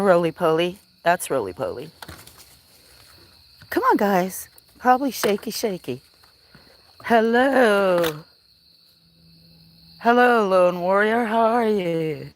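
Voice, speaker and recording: A woman with a Southern US accent livestreams from a farm at dusk, walking outdoors with a handheld phone. Her medium-pitched voice is animated but slow, with frequent pauses, as she chats casually with viewers and coos baby talk at her cats.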